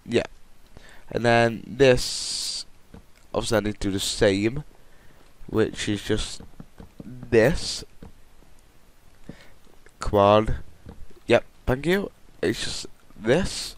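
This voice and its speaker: A man casually commenting on his building game, rambling and correcting himself as he goes. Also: medium pitch. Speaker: Minecraft let's play host.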